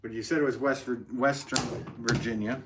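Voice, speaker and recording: A man's voice: medium pitch, moderate pace. A middle-aged man chatting casually during a pottery livestream, rambling and reading out viewer comments with many fillers and restarts. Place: pottery studio. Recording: steady noise in the background.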